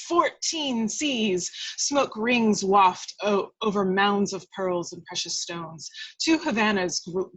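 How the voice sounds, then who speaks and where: A woman reading a screenplay's action lines aloud in a measured, expressive way at a table read over a video call. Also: mid-range voice, husky, no room sound, low-quality recording.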